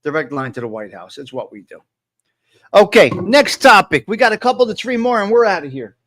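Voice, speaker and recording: A man's voice: high-pitched, sing-song, fairly quick, fairly bright tone, rough recording. A man hosting a casual live-stream show, boastful and joking, often repeating himself.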